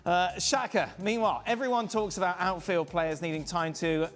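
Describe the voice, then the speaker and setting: A man's voice: high voice, fairly even intonation, moderate pace, soft background music. A man hosting a studio football panel, teasing his guests and laughing often. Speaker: show host.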